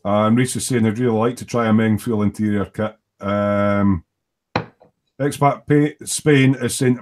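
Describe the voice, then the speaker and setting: A man's voice: on the low side, fairly even intonation, a little slow, darkish tone. A man hosting a casual model-making hangout over a video call, teasing his friends and reading out viewer comments.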